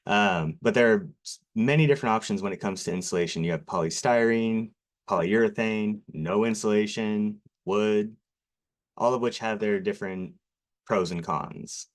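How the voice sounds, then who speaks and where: A man's voice: fairly low pitch, normal speed. A man giving a nervous, self-deprecating presentation about his work, with lots of fillers and apologies. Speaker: garage door company presenter. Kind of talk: local TV sales presentation.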